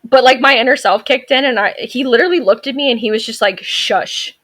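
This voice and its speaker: A woman in her thirties who works as a veterinary technician speaks fast in a fairly high, somewhat bright voice. As a guest on a casual podcast interview, she tells stories in a sassy, outspoken way.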